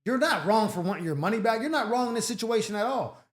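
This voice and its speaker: A man hosting an advice show, reacting to listener letters in a blunt, slangy, animated way. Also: high-pitched, fast talker. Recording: echoey room.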